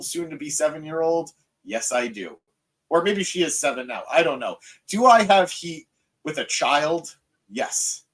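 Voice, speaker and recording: A young man hosting a live wrestling review podcast. He reads out viewer comments and answers them in a joking, excitable, self-mocking way, with frequent fillers. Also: fairly high pitch. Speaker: podcast host.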